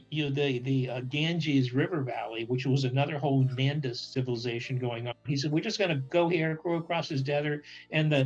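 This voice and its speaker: A man casually telling a history story with humor, acting out characters' lines in quick voices. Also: medium pitch, husky, highs cut off. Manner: animated, acts out quotes in voices, restarts often. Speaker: podcast co-host.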